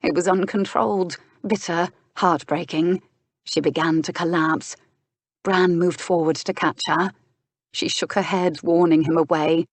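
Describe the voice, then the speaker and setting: Romance audiobook narrator, woman, lower voice, measured and unhurried, dry close mic. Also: steady tone, no echo.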